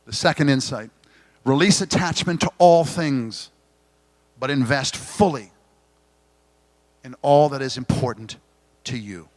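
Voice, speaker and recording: A man's voice: medium pitch, dry recording. Earnest man giving an inspirational keynote. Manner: earnest, gently confessional, dramatic pauses. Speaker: keynote speaker. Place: conference hall stage.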